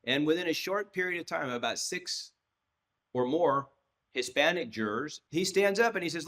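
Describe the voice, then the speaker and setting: A man's voice: fairly high pitch, normal speed. Man in his sixties telling a courtroom story. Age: 60s. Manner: lively storyteller who acts out quoted dialogue, with frequent restarts. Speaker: trial lawyer, podcast guest. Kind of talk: anecdotal storytelling in a podcast interview.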